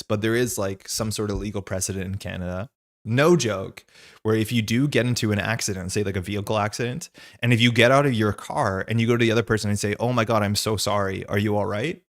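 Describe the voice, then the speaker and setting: A man's voice: fairly low pitch, fast. A man co-hosting a card game livestream, joking and chatting casually as he reads out viewer messages. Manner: joking, chatty, reading out chat. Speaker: livestream co-host. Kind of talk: casual gaming stream banter. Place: live card game stream, home setup.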